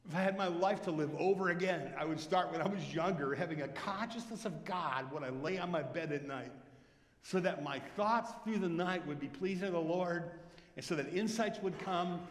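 A man's voice: high-pitched, normal speed. A man preaching a sermon as lead pastor, earnest and exhorting his congregation in a church sanctuary. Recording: reverberant church hall.

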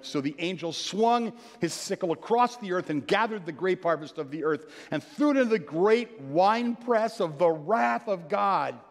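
A man preaching a sermon, reading scripture and telling playful stories with sudden loud bursts of excitement. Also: a little high, normal speed, hardly any pauses. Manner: animated, playful storytelling with sudden loud outbursts. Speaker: pastor. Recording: long hall reverb.

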